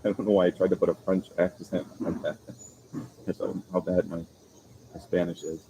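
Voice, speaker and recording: A man hosting a casual live stream from an outdoor coastal restaurant, chatting with viewers in a relaxed, rambling way. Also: sits low, normal speed, gravelly, noisy background. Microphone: phone camera.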